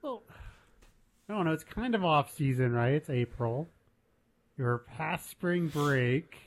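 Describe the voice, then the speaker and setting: Slow-paced and a little high, with lively intonation, a married man co-hosts a podcast about a TV episode. The chat is casual, and he stays curious, asks plenty of questions, and laughs often.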